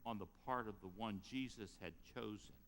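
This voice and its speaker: A man preaching a sermon as pastor, retelling a story with lively rises and drops in his voice. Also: on the low side, normal speed, big-room sound, slight background noise. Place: church sanctuary.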